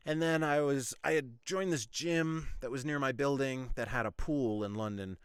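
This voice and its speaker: A man's voice: medium pitch, normal speed, clear, resonant tone, no room sound, studio quality. A man hosting a podcast, telling a story in a rambling, casual way, full of "like" and frequent swearing. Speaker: podcast host.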